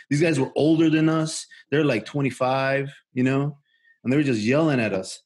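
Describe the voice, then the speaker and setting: A man's voice: mid-range voice, moderate pace, a little mellow. A man co-hosting a podcast, telling a rambling, profane story with lots of fillers and restarts. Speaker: podcast co-host. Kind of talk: casual storytelling.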